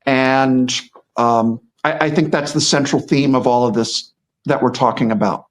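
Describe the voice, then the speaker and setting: Unhurried and steady, this middle-aged man's mid-range voice carries his casual commentary as a guest. He meanders as he talks, with plenty of false starts and repeated words.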